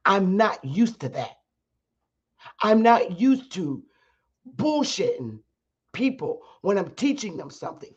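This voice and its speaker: A middle-aged woman hosting her own stream, talking bluntly and profanely to her audience and rising into sharp shouts at times. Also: mid-range voice, muffled recording. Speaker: channel host teaching her audience. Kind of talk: heated livestream monologue.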